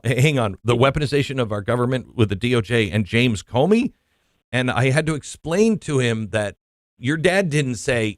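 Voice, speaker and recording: A middle-aged man hosting an interview, asking questions in an animated, exclamatory way. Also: medium pitch, moderate pace, dry recording, clean studio sound. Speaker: host.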